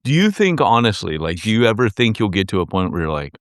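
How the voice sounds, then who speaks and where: Speaking fast in a lowish voice, this man co-hosts a podcast and spins animated, meandering stories full of restarts during casual chat. The sound is clean and studio quality, with no echo.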